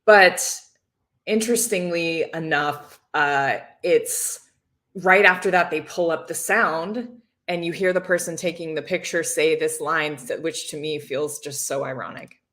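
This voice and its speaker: A woman's voice: low voice, unhurried, fairly bright tone. A woman hosting a casual livestream, chatting, laughing and reading viewer comments aloud. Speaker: livestream host reacting to a reality show.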